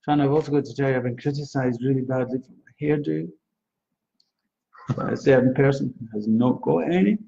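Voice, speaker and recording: A chatty man doing psychic readings on a live stream, with a mellow, dark voice. He talks in a reassuring, laughing way. The sound is dull and low-fidelity. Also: a little fast, vocal fry. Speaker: psychic astrologer.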